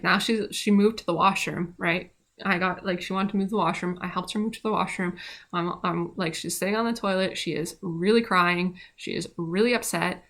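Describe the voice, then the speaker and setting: A woman's voice: fairly low pitch, vocal fry, fairly bright tone. A young woman casually telling a rambling personal story about her midwifery training, with many fillers and restarts.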